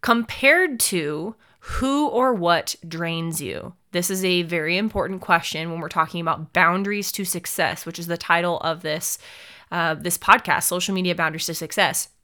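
A young woman coaching pageant hopefuls on her own podcast. Her voice is bright and forceful, smooth and crisp, and sits fairly low for a woman. She talks straight to the listener, motivating them and asking one rhetorical question after another. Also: normal speed. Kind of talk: solo podcast talk.

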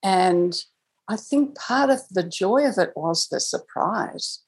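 A woman's voice: mid-range voice, lively intonation, takes it slowly, breathy edge, low-quality recording. A woman guest on a podcast telling a personal story in a reflective, conversational way, laughing now and then. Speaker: guest, angel communicator.

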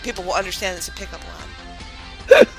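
A woman's voice: mid-range voice, wildly swooping pitch, normal speed, breathy edge, no room sound, faint music behind, poor audio. A woman hosting a podcast, bantering wryly and laughing with her guest. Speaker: podcast host. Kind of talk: casual podcast chat.

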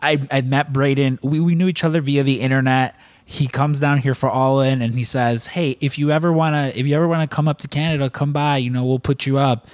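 A man's voice: medium pitch, fairly even intonation, fairly quick, hardly any pauses, a little mellow, no echo. A man casually telling long stories in a chat, rambling with lots of restarts and cursing freely.

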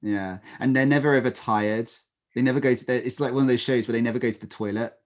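A man co-hosting a podcast, talking things through in a measured, reasoning way with dry humor. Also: mid-range voice, steady tone. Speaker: podcast co-host. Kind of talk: casual chat.

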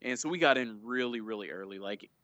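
A man chatting as a guest on a fan podcast, telling lively anecdotes and acting out quotes. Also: mid-range voice, fast talker, no echo, muffled recording. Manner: storytelling, animated retelling of quotes. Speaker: guest, fan club leader. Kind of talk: casual podcast chat.

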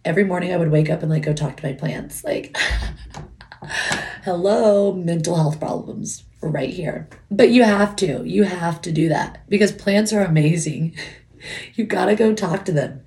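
Wearing headphones at her home mic, a podcast host in her thirties chats casually, giggling and wandering from topic to topic. She has a lowish, somewhat mellow voice and speaks a little slowly.

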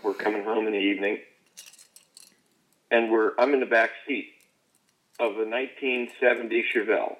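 A man co-hosting a podcast, telling a fishing story in casual chat, halting and restarting sentences. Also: on the low side, fairly even intonation, a bit bright, poor audio. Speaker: podcast co-host.

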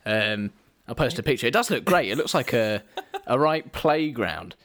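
A man co-hosting a casual podcast, chatty and playful, quick to laugh. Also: medium pitch, sing-song, a bit bright. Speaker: podcast co-host.

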